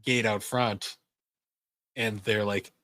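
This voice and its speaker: A man's voice: fairly low pitch, level tone, slow pace, a bit bright, dry recording. A man co-hosting a podcast in casual chat, rambling with many fillers and frequent laughs. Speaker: podcast co-host.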